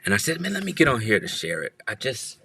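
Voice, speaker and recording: A man's voice: mid-range voice, big pitch swings, fast talker, creaky, pushed and bright, a little hiss or hum. A man hosting a church livestream, greeting viewers one by one and playfully teasing them from his office. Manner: playful, teasing, repeats phrases.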